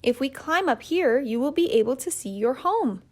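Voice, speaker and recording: A woman voicing a shy, clever female crow who loves fishing, a touch higher and brighter than her narration. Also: lively intonation, moderate pace. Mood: friendly.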